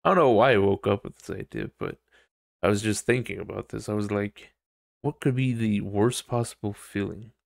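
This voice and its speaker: A man hosting a casual solo podcast, rambling and swearing with sudden animated outbursts. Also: on the low side, moderate pace, creaky, dry recording, studio quality. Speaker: podcast host.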